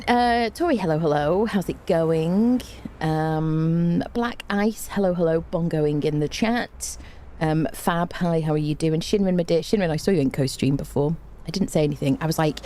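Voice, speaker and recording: A woman's voice: sits low, expressive, normal speed, warm tone, faint music behind. A tired woman game streamer in casual live-stream chat, bubbly and chatty as she greets her viewers one by one with repeated hellos.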